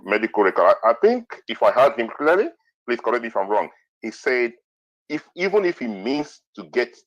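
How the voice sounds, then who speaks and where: A man moderating a heated online debate, repeatedly stepping in and pleading with the speakers to calm down. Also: on the low side, no room sound. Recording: dull lo-fi online audio.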